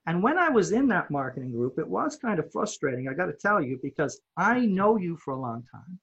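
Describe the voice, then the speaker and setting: A man with a slightly husky voice tells a story in conversation, his pitch leaping up and down as he acts out what others said. He repeats himself when he gets worked up. The recording sounds dull and lo-fi. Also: brisk. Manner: animated, acts out quoted dialogue, repeats words when excited. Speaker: guest.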